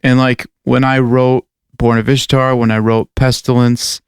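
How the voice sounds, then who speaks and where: A man's voice: medium pitch, level tone, a little slow, smooth, dry recording, clean studio sound. A man co-hosting a podcast, rambling casually with lots of fillers and swearing. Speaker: podcast co-host and metal musician. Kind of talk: casual chat.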